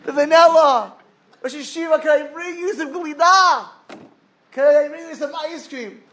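A man voicing an eager, pushy young male yeshiva student who pleads in a high, insistent voice. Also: moderate pace, a bit bright. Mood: eager pleading.

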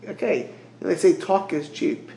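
A man's voice: high-pitched, lively intonation, unhurried, vocal fry, warm tone, reverberant, poor audio. A man teaching as a rabbi in a Torah lecture, mixing Hebrew phrases into English and often repeating words as he searches for the next one.

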